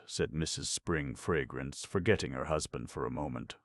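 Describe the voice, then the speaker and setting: A man narrating a classic story for an audiobook in measured, even storytelling. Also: a bass voice, no room sound. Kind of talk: scripted narration.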